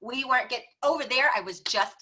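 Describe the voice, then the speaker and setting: A woman talks as a guest in an interview, telling personal stories with lots of energy. Her voice is bright and sits somewhat high. She laughs easily as she talks. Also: fairly quick, poor audio. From America. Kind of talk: conversational storytelling.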